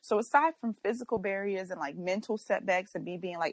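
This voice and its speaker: A young woman chats on a podcast. She tells animated stories and acts out her own quotes. The sound is dry and close, with little room in it. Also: mid-range voice, quick pace, hardly any pauses, dry recording. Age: young adult. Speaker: podcast co-host. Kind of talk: casual chat.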